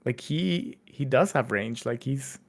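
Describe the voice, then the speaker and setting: This podcast co-host is a man with a medium-pitched voice who speaks at a measured pace. He chats casually, with plenty of fillers and restarts.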